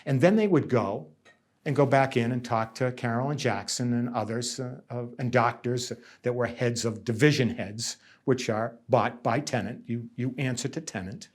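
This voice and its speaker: A middle-aged man from central Massachusetts speaks in an interview as a nursing union negotiator. He talks emphatically, doubles back on his words and slips into the voices of the people he describes. His voice sits at an ordinary middle pitch. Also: normal speed. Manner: emphatic, repeats himself, voices others' words. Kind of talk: interview answers, reflective storytelling.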